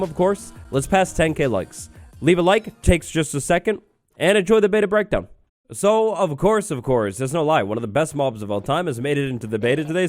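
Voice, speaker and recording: An excitable, upbeat man hosting a gaming video, giving gameplay commentary and chatting to the creature on screen. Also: fairly high pitch, no room sound.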